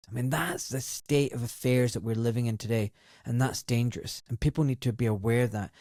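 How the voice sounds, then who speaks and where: A man in his fifties with a Scottish accent, talking frankly in an interview and slipping into other voices as he tells his story. His voice sits at a middling pitch. The sound is close and dry, with no room around it. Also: dry recording. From Glasgow, Scotland. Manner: lively and outspoken, acts out quoted voices. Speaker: doctor and former surgeon, interview guest.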